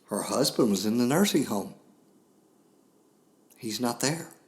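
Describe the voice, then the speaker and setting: An older man hosting a podcast, telling a solemn personal story in a slow, grave way with long pauses. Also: mid-range voice, expressive, creaky. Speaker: podcast host.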